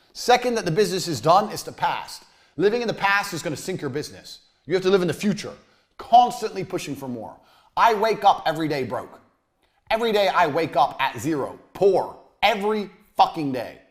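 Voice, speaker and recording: Brief: aggressive, swearing business coach, a man with a slightly high voice, hammering points home and dropping to low asides. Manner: blunt, aggressive, swears constantly; swings between loud jabs and low muttered asides. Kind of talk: profane motivational lecture.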